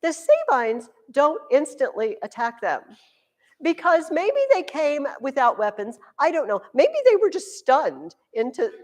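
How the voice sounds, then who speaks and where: A woman teacher tells a history story to her class with a joking, animated delivery. Her voice sits fairly high and swings widely in pitch. The classroom leaves a long, echoey reverb on every word. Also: a little slow.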